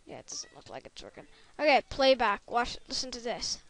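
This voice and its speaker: A high-pitched, bright female voice gives loose running commentary on her gameplay from a room at home. She rambles, circles back and fixes her own sentences, speaking into a desktop computer microphone. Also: very animated, brisk, vocal fry, faint music behind. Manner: rambling, chatty, self-correcting. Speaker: gameplay video maker.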